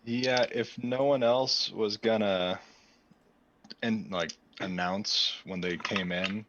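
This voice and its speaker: A very deep-voiced man chatting at a tabletop game, low-key and self-deprecating, with soft chuckles between phrases. His mic sounds dull and muffled, with a faint hiss underneath. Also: steady tone, slow. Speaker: player. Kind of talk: casual chat at a game table.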